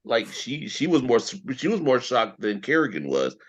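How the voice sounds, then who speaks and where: A man co-hosting a podcast, chatting casually and excitably about a TV episode and swearing now and then. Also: mid-range voice, measured pace, husky. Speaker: podcast co-host. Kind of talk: casual chat.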